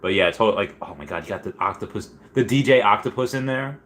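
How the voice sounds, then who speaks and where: A man hosting a casual livestream, reading viewer comments aloud and rambling excitedly. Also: lowish voice, fast talker, a little hiss or hum. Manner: excitable, rambling, many restarts and squeals. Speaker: livestream host.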